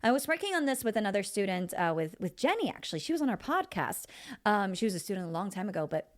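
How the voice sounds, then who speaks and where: A woman vocal coach giving a casual singing lesson, chatty and expressive, thinking aloud as she teaches. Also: medium pitch, fast.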